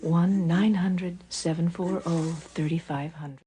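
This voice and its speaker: A woman's voice: on the low side, steady tone, dark tone, slight background noise. Woman announcing an old hotline commercial. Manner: slow, deliberate reading of a phone number. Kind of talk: vintage phone hotline commercial.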